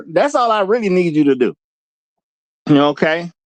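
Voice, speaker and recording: Entitled woman who insists on protection, as a male host puts her on, mocking, lively swings in pitch. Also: a little slow, dry recording. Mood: mocking indignant. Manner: mocking, indignant. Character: entitled white woman demanding police protection.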